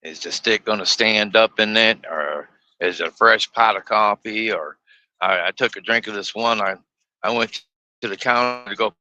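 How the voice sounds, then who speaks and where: A man's voice: fairly low pitch, normal speed, pushed and bright, slight background noise. A man streaming live from his truck, chatting in a folksy, grumbling way and laughing often. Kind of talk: casual live-stream chat. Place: inside a semi truck cab.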